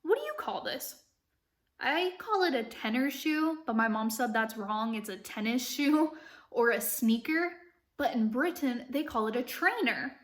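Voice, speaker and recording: A woman teacher from Ohio with an American accent, giving an animated children's read-aloud full of questions for the listener. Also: on the high side. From Ohio, United States. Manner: animated, asks the listener questions, dips into a light British accent while reading.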